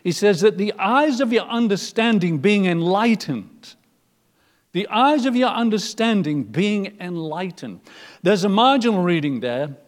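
A man preaching a sermon, moving from loud emphatic lines to soft, almost whispered ones. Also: high voice, lively intonation, a little slow, big-room sound.

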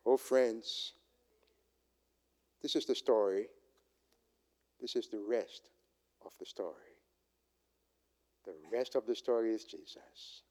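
A male pastor preaching a sermon and altar call, swinging from hushed whispers to shouted proclamations. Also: medium pitch, lively intonation, takes it slowly, pauses often, smooth. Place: church sanctuary.

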